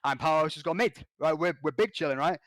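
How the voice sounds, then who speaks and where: Male podcast guest, lively slangy storyteller, higher voice. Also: no echo. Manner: excitable, slangy, quick restarts. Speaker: podcast guest, competitive gamer. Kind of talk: animated storytelling.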